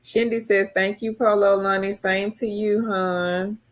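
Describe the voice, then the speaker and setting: A woman hosting a casual live stream, reading viewer comments aloud and answering them in a chatty way, her pitch jumping high when she gets excited. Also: a little slow.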